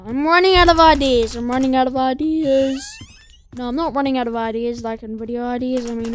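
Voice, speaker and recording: High-voiced casual gameplay commentator. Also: female voice, darkish tone, slight background noise. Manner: chatty, talks to the game's monsters and counts doors aloud. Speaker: gameplay streamer. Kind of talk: casual let's-play commentary.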